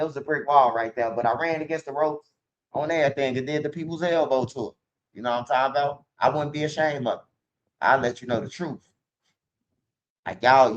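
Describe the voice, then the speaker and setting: A man's voice: fairly high pitch, highs cut off. A man in a casual rant, rambling and profane, full of street slang and repeating himself.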